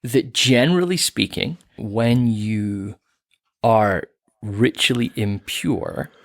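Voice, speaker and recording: A man's voice: on the low side, slow pace, vocal fry, no room sound, studio quality. A man co-hosting a Bible podcast, explaining ideas patiently with light chuckles. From Canada. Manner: explanatory, laughs lightly, frequent restarts. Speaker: podcast co-host.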